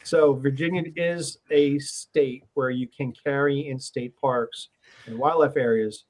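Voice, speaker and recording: A man's voice: mid-range voice, steady tone, a little slow, a little mellow. A man in a casual online chat, explaining points carefully and defining his terms. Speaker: ham radio operator on a livestream.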